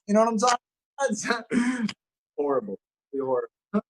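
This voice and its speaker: A young man from Los Angeles doing a stand-up comedy set, upbeat and self-mocking, with deadpan punchlines. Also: sits high, moderate pace, long pauses, low-quality recording. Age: young adult.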